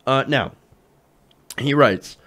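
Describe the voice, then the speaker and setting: A man's voice: mid-range voice, slow pace, a bit bright. A man hosting political commentary, reading an op-ed aloud and mocking it with sarcasm, profanity and laughter.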